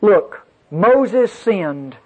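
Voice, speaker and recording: Drawing out his words, a pastor preaches a folksy sermon, spinning a story and calling out to the congregation. His voice is high, expressive and mellow with a breathy edge, heard through a dull lo-fi recording.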